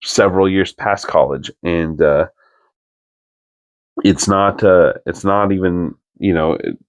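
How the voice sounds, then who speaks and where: A man's voice: low-pitched, slow, no echo. A young man, a podcast co-host, telling a personal story in an earnest, rambling way full of "like" fillers.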